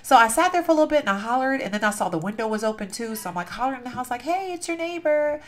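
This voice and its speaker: A woman's voice: a little high, very fast. Young woman host, casual game commentary, gushing and rambling, easily sidetracked. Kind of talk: casual gameplay commentary and storytelling.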